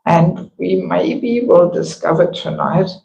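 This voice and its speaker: An older woman with a croaky voice, giving a slow, earnest devotional class in a temple hall. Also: lowish voice, dark tone, muffled recording. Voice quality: croaky, gravelly voice. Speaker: temple speaker.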